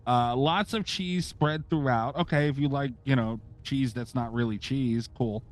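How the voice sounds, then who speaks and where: A man's voice: medium pitch, unhurried. Sarcastic swearing male podcast host. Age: middle-aged. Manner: sarcastic, swears freely, rants. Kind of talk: casual podcast chat.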